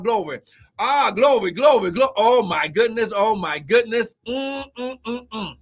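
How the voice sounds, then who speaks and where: A man preaching a charismatic prophetic sermon, breaking into shouted exclamations and repeated phrases. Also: sits high, expressive, slightly rough. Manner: shouting exclamations and drawn-out repetitions. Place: church service, live.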